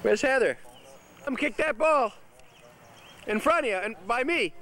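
A man's voice: very high-pitched, animated, measured pace, bright, forceful tone. A man filming a home movie outdoors in a suburban backyard, narrating casually and directing and cheering the children as they play. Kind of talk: casual narration behind the camera. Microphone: camcorder's built-in mic. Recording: camcorder audio with party chatter. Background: chatter of a backyard party crowd.

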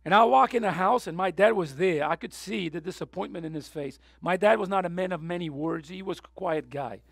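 A man preaching an emotional sermon in a high, gravelly voice. He swings from hushed, near-tearful lines to loud, urgent pleas. The sound is dry and close. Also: brisk, dry recording. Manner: impassioned, swings from soft to loud. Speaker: pastor.

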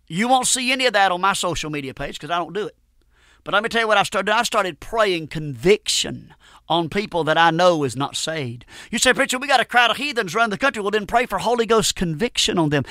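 A male preacher delivering a fervent radio sermon, emphatic and rising to loud bursts, often restarting and repeating words. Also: sits high, no echo, clean studio sound.

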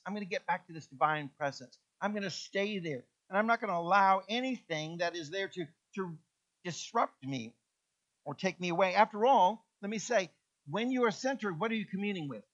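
A male pastor preaching a sermon, animated, acting out voices and dropping to soft, low tones. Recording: dull lo-fi sound.

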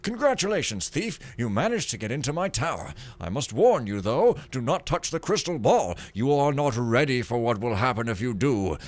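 A man's voice: mid-range voice, big pitch swings, normal speed, hardly any pauses, natural voice. A man voicing a haughty male wizard who declaims a stern written warning. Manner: grandiose, declaiming.

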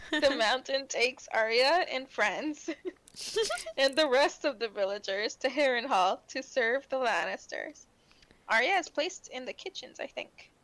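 A young adult woman co-hosting a casual book podcast, chatty and quick to laugh while recapping chapters. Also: high voice, lively intonation, a bit bright, rough recording. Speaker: podcast co-host.

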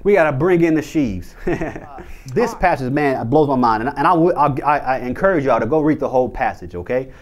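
A man's voice: medium pitch, expressive, fairly quick. A young man preaching a sermon as a minister, conversational, with frequent restarts and asides.

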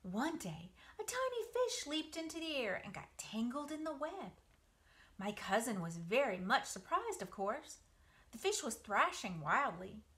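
A patient, clever spider with a motherly calm, read by a woman from a storybook. Her voice is bright and lively, rising when she gives orders. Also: a little high, full character voice.

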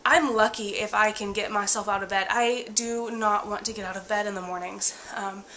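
A woman's voice: medium pitch, steady tone, moderate pace, sharp tone, slight background noise. Tired, breathless young woman vlogging. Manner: tired, candid, many ums and likes. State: sick with a bad cold, out of breath. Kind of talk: casual pregnancy vlog.

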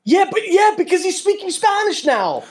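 A man's voice: extremely high pitch, sing-song, moderate pace. A man as a guest in a casual chat over a call, laid-back and teasing, full of dude and bro.

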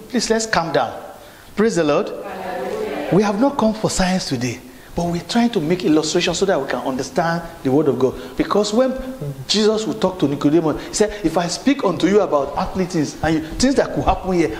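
A man's voice: on the high side, darkish tone. A male pastor preaching a sermon, repeating phrases and calling for responses from the congregation. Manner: repetitive, call-and-response preaching with restarts. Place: church hall. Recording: echoey hall with faint room noise.

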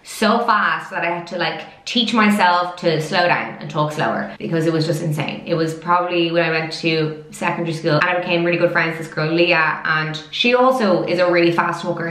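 Loud fast-talking woman in her twenties. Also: fairly low pitch, lively intonation. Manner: fast-talking, chatty storyteller. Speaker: vlogger. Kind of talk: casual chat to camera. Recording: echoey room.

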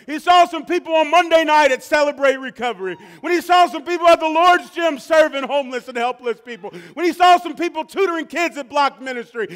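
High-voiced pastor preaching with shouted peaks. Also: male voice. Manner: swings from shouted climaxes to low, slow, quiet stretches; drawn-out emphatic repetition. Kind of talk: sermon.

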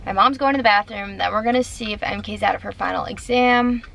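A woman's voice: mid-range voice, quick pace, vocal fry, fairly bright tone, rough recording. A young woman from New Jersey chatting casually to her camera in a vlog, giggly and saying "like" often. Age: young adult. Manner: chatty, giggly, uses "like" a lot. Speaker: vlogger. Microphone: handheld camera.

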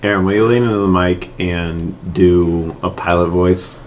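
A man's voice: sits low, steady tone, normal speed, very noisy. A man chatting and teasing friends on a podcast. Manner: teasing, joking. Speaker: podcast guest. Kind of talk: casual chat.

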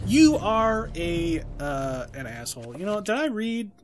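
A man co-hosting a let's play, excitable and rambling, reading game text aloud with drama. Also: high voice, unhurried, over loud music. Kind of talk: casual gameplay commentary.

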